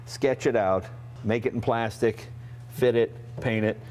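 A man in his sixties from Massachusetts, hosting and telling a casual, animated story about cars. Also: mid-range voice, unhurried, slight background noise. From Massachusetts, USA. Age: 60s. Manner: chatty, animated, acts out family members' lines. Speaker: host.

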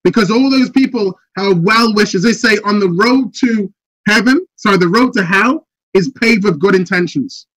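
A man with a very high, bright voice delivers a preachy motivational speech over a video call. He fires question after question and pushes up toward shouting. The sound is dry and close, with no room around it. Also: moderate pace, no room sound, low-quality recording. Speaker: motivational speaker.

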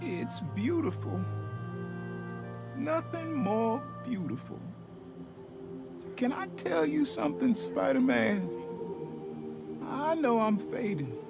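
A frail, gravelly old grandfather. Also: very high-pitched, exaggerated voice. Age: older. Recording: game audio with loud music underneath.

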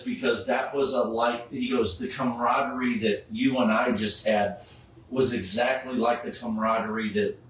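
A middle-aged man chatting casually, telling a story and acting out the people he quotes. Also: medium pitch. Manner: animated, acts out the people he quotes. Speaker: charity Superman cosplayer. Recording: echoey room, far from the mic, faint background noise.

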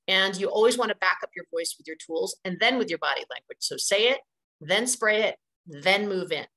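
A middle-aged woman leads an online training session in an energetic, conversational way. She sounds chatty and emphatic, doubling words to drive her points home. Her voice sits at a mid pitch. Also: poor audio. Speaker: dog playgroup trainer presenting a webinar. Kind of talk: instructional webinar talk.

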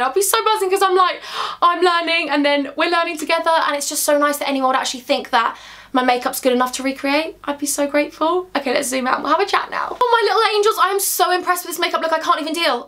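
Bubbly young beauty vlogger, high-pitched, affectionate chatty style. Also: female voice, a bit bright. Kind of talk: casual makeup chat to camera.

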